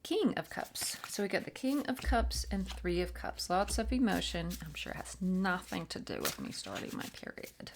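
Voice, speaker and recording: A woman's voice: fairly low pitch, sing-song, normal speed, gravelly, a little hiss or hum. A woman doing a chatty, rambling tarot reading, laughing often and dropping into whispers. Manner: slips into soft whispered chants. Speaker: tarot reader. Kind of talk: casual channeled reading.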